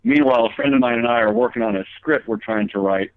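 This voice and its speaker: A man's voice: mid-range voice, huge pitch swings, fast talker, vocal fry, dry recording. A man talking as a guest comedian in a casual interview, telling long rambling stories with many fillers and restarts. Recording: tinny phone line.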